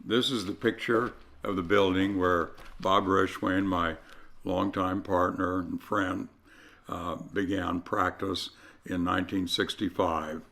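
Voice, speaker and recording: A man's voice: low-pitched, flat delivery, slow pace, gravelly, fairly bright tone. An older man recalling his early years as a lawyer in a casual, storytelling way. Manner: storytelling, acts out quoted voices. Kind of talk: casual spoken memoir.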